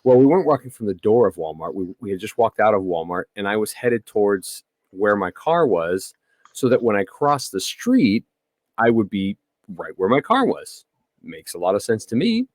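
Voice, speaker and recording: Man, 30s, podcast co-host, casual storytelling, very lively pitch, dry close sound. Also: normal speed, no echo. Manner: animated storyteller, acts out quoted lines. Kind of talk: casual chat.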